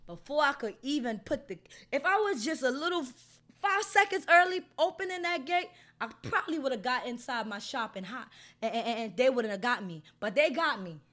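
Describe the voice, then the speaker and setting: High-voiced, blunt woman. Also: expressive, brisk, fairly bright tone. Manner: blunt, heated, heavily profane. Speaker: storyteller recounting an assault. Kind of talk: casual storytelling.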